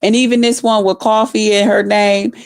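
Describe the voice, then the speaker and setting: A woman's voice: medium pitch, level tone, normal speed, clear, resonant tone. A woman ranting profanely on a livestream, cursing heavily and trash-talking as she repeats herself. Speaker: livestream host.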